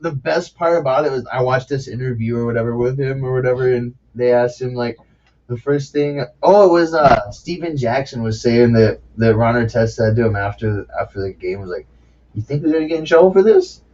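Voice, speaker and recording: A man's voice: mid-range voice, brisk, darkish tone. A man hosting a casual podcast chat, speaking loosely with swearing and frequent laughter. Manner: casual, profane, laughs often. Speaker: podcast host. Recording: dull lo-fi sound.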